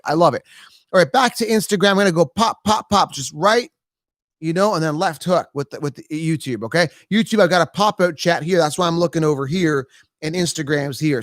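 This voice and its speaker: A man's voice: high voice, no room sound, clean studio sound. Hyped-up man answering live questions. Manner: energetic, fast, hypes listeners up. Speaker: fantasy football advice host. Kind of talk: live Q&A stream, casual.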